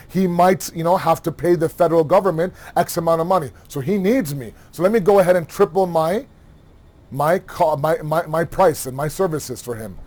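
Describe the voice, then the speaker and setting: A man giving a religious lecture, animated, asking rhetorical questions and acting out everyday dialogue. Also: a little high. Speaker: Muharram lecturer.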